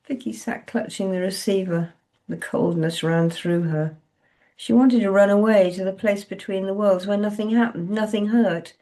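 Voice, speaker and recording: A woman author reading her own novel aloud in a measured, low-key way. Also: steady tone, dark tone.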